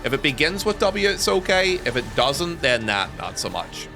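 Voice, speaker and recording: Streamer, Northern Irish man, young, animated bright delivery, jokey, faint music behind. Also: a little high, moderate pace, gravelly. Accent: Northern Irish, softened. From Northern Ireland. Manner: chatty, joking, swearing. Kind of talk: casual chat with viewers.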